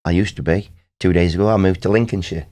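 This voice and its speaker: Deep-voiced Nottinghamshire man telling stories. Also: fairly even intonation, fast talker, warm tone. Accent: Nottinghamshire English. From Nottinghamshire, England. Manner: rambling storyteller, laughs often. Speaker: band guest. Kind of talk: casual podcast chat.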